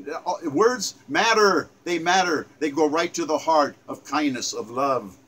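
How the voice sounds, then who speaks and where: A man's voice: high-pitched, normal speed, few pauses, fairly bright tone, low-quality recording. A man in his seventies earnestly reciting his own sonnet, emphatic and repeating phrases with small stumbles. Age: 70s. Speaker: poet.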